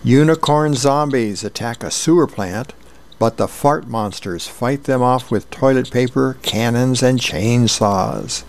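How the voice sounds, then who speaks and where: A man's voice: medium pitch, unhurried, close to an everyday voice. A man voicing an eager little boy from a newspaper comic strip, read aloud on the radio. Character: excited little boy with wild imagination.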